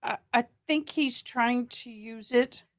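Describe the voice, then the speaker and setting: A woman's voice: fairly high pitch, takes it slowly, a bit bright, dry recording, studio quality. A woman with a Tennessee accent hosting a livestream, chatting casually and thanking viewers by name between trial updates. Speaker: livestream host commenting on a trial. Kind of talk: casual live commentary.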